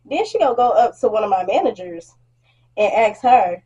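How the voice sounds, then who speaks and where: Husky-voiced young woman ranting. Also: medium pitch, moderate pace, highs cut off. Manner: blunt and animated, acts out customers' lines; swears freely. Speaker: vlogger. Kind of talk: storytime rant.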